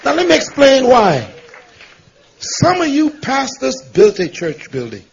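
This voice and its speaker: A male pastor preaching emphatically in a very high, gravelly voice. He tells stories with a forceful delivery. The sound is muffled and lo-fi. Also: wildly swooping pitch, a little slow, a faint crowd, slight background noise. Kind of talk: sermon. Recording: dull lo-fi recording.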